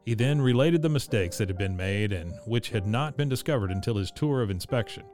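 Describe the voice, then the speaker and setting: A man narrating a classic storybook in a steady, measured reading. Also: fairly low pitch, faint music behind. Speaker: audiobook narrator.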